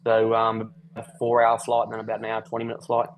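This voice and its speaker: A man's voice: fairly low pitch, monotone, fast, a little hiss or hum, poor audio. A man telling a rambling travel story on a podcast call, swearing casually. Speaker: podcast guest. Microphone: video call.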